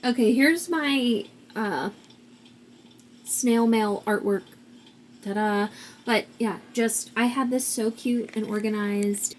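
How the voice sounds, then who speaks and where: A woman's voice: fairly high pitch, slow, slight background noise. A woman vlogging casually from her desk at home, bubbly, laughing often and swearing when annoyed. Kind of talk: casual chat.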